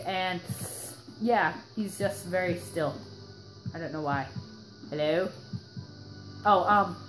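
A young woman rambles through casual gameplay commentary with a slightly sore throat. She fills gaps with lots of ums and restarts. Her voice rings in a roomy space with music playing behind. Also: medium pitch. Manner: rambling and chatty, many fillers and restarts. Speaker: gaming channel host. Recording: roomy echo with background music.

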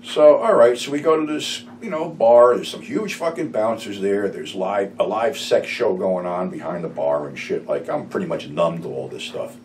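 A man's voice: low voice, normal speed, hardly any pauses, darkish tone. A middle-aged man telling profane, rambling stories from his past in a casual way. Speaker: YouTube storyteller. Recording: slightly distant mic, faint room noise.

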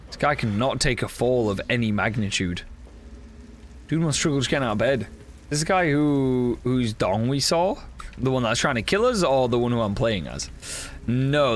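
A man streamer giving casual commentary while playing a horror game, excitable, swearing often and chatting with his viewers. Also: medium pitch, normal speed, slight background noise.

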